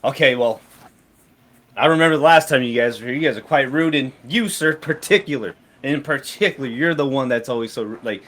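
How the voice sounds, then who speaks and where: A sassy, brusque shopkeeper woman who runs a smithy, talking in an exasperated tone as a man puts her on in a tabletop game. Her voice sits at an ordinary pitch. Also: fairly quick, a bit bright, close to an everyday voice. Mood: annoyed. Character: brusque female shopkeeper blacksmith.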